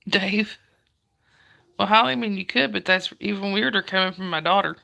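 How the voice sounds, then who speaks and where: Zuid-Amerikaanse vrouw, krakerige stem. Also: female voice, mid-range voice, moderate pace, gravelly, sharp tone. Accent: Southern US. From Georgia, US. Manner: chatty, greets viewers by name, laughs often. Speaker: livestream host. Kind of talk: casual live chat reading viewer comments.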